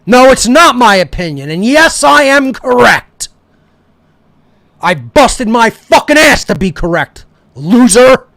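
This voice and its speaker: A man's voice: very high-pitched, big pitch swings, a little slow, a bit bright, dry recording. A male talk show host delivering a heated, profane, confrontational monologue straight at his listeners. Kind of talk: angry ranting monologue.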